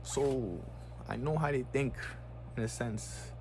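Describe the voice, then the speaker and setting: Taking it slowly, a man with a darkish, medium-pitched voice delivers a heated, casual vlog rant, with slight background noise behind him. He swears in slang and repeats "bro" and "you know what I'm saying" throughout.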